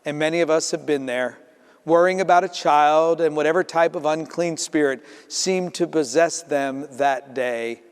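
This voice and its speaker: A man preaching a sermon as pastor, telling the story in a lively way and acting out the voices in it. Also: a little high, normal speed, clear, resonant tone. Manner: storytelling, acts out voices in quotes. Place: church sanctuary. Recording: reverberant church sanctuary.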